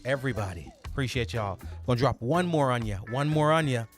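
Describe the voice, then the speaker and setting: A man with a Jamaican accent hosting a radio and podcast show, energetically rattling off greetings and shout-outs to listeners. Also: mid-range voice, animated, brisk, soft background music.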